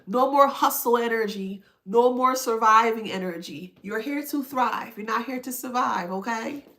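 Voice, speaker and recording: A woman's voice: on the high side, moderate pace, fairly bright tone. A woman giving a spiritual self-help talk to her viewers. She talks emphatically, in a preachy way, repeats points and checks in with "that makes sense?". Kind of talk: motivational talk to camera.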